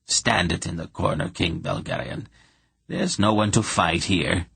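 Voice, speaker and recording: A reclusive swamp witch, calm and faintly bitter, speaking slowly in a deep, husky voice, as a male audiobook reader puts her on. Her tone stays flat and neutral, with a gravelly edge. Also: dry recording, full character voice. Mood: calm, wry. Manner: measured, strangely neutral, slow.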